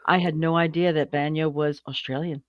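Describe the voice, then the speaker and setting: A man with a slightly higher voice chats about a film on a podcast, easygoing and agreeable. His audio sounds dull and muffled, though dry. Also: fairly even intonation, a little fast, dry recording. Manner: agreeable, short backchannel replies. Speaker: podcast co-host. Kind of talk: casual movie review chat.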